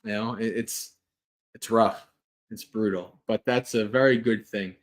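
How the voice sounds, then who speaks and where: A man's voice: lowish voice, steady tone, a little slow. A man who is a Buddhist monk, hosting a livestream and giving a casual Dharma talk, earnest and rambling, restarting his sentences and laughing lightly.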